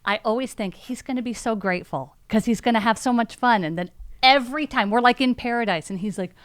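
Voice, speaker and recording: A middle-aged woman guest on a casual podcast, answering with wry, deadpan humor. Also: fairly high pitch, quick pace, clean tone, no room sound.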